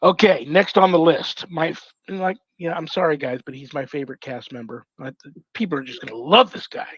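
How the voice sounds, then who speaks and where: A man's voice: on the high side, fairly quick, fairly bright tone, breathy edge, dry recording. A man hosting a talk show, saying affectionate goodbyes to his guests one by one. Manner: effusive, affectionate. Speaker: show host. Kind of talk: casual sign-off chat with guests. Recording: dull lo-fi sound.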